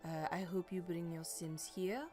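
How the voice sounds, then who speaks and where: A woman speaking in a fake French accent as a joke intro, low and hushed. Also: little pitch movement, moderate pace, over music, natural voice. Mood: mock-refined. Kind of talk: mock-accent spoof intro.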